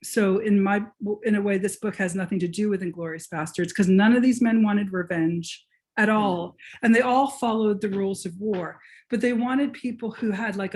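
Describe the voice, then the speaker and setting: A woman's voice: mid-range voice, darkish tone. A woman author and professor answering questions in a virtual lecture, talking eagerly and restarting her sentences as she thinks aloud. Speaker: author and professor being interviewed. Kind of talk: conversational lecture Q&A. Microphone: video call.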